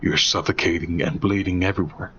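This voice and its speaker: A man narrating a second-person horror story in a slow, deliberate, ominous way. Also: low voice, fairly even intonation, a bit bright, highs cut off, a little hiss or hum.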